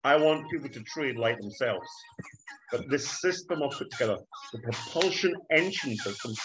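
A man teaching a trading setup on screen, talking like a hyped salesman who keeps calling out to "ladies and gentlemen". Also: mid-range voice, lively intonation, moderate pace, noisy background. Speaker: trading instructor. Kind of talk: screen-share trading walkthrough. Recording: music bed behind voice.

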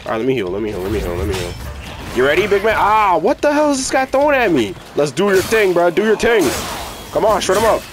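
A young man giving casual, excitable, slangy commentary while playing a video game. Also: high voice, fast. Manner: excitable, yelling, slangy, hype. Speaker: gaming streamer.

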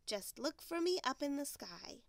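A woman voicing an eager little male bear cub in a storybook read-aloud, with a high, sing-song manner. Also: big pitch swings, measured pace, vocal fry, no room sound, exaggerated voice.

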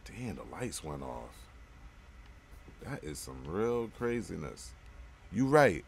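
A man's voice: low voice, sing-song, slow, creaky, pauses often, slightly rough. A man hosting a let's-play, commenting casually with slang and frequent swearing. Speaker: gaming channel host.

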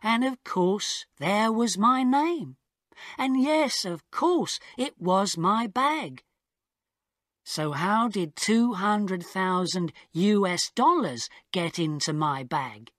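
Woman narrator, slow story reading for learners, lively pitch, dry close sound. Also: dry recording.

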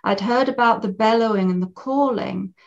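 A woman interviewer gives short, attentive replies. Her voice is gravelly with fry, and the recording is dull and lo-fi. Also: fairly high pitch, moderate pace.

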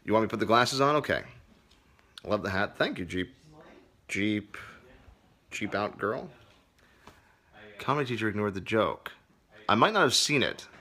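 A man's voice: on the low side, pushed and bright. A man who teaches comedy, hosting a casual livestream Q&A, reading viewer comments aloud in a loose, profane way.

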